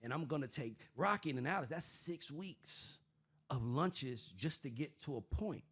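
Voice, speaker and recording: A man's voice: a little high, moderate pace, husky. A man hosting a casual panel chat, profane and streetwise, acting out other people's voices as he explains. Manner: animated, acts out voices of others while explaining. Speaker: podcast host.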